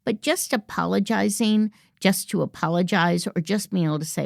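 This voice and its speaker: Assertive woman podcast host, gravelly. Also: lowish voice, fairly quick, hardly any pauses, no room sound, clean studio sound. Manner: assertive, coaching, acts out example phrases. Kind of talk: instructive podcast monologue.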